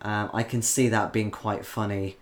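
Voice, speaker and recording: A man's voice: on the low side, flat delivery, normal speed. A man from the Isle of Man hosting a live stream, chatting casually and reading out viewer comments, rambling with frequent ums. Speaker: livestream host reading chat.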